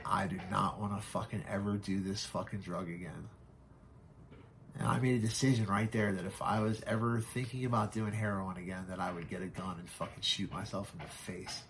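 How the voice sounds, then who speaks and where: A man telling his own story as a podcast guest, frank and halting, swearing often. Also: on the low side, gravelly, slight background noise. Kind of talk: candid personal storytelling.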